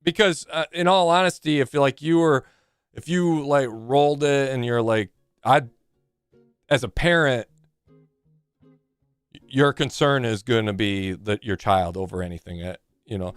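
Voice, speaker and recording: A man's voice: mid-range voice, a little slow, long pauses, clean tone, no room sound, clean studio sound, soft background music. A man in his forties chatting casually on a live game stream, rambling and joking with plenty of swearing.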